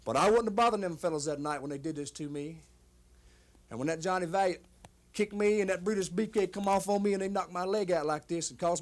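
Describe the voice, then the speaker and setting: High-voiced Kentucky drawl man. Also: fast talker. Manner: drawling, rambling country talk. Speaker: wrestler talking to fans. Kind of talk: folksy in-character chat. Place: house porch.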